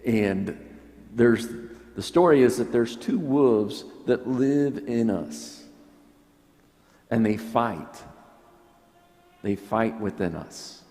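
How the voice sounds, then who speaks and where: A priest giving an earnest, reflective sermon, often dropping to soft, quiet tones. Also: male voice, medium pitch, animated, very slow, pauses often. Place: church. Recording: long church reverb.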